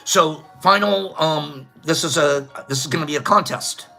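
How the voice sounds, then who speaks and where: A man's voice: on the high side, normal speed, gravelly, bright, forceful tone, faint music behind. A man hosting a casual livestream trivia contest, chatting with viewers, joking and laughing at his own jokes.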